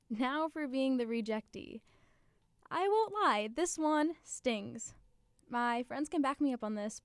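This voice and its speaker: A woman's voice: on the high side, no room sound. A teenage girl hosting her own podcast, delivering a chatty, upbeat scripted monologue. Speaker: podcast host.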